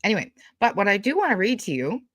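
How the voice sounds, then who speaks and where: A woman's voice: medium pitch, big pitch swings, fast talker, a bit bright, no room sound. A woman hosting live-stream commentary, blunt and profane, talking with angry, sweary frustration. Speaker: YouTube commentary host.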